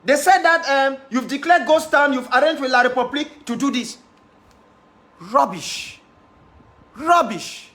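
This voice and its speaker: A man's voice: very high-pitched, fairly quick, hardly any pauses, a bit bright. A man with a Cameroonian English accent giving a defiant, impassioned monologue to his followers, repeating key phrases for emphasis. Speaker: activist leader addressing followers.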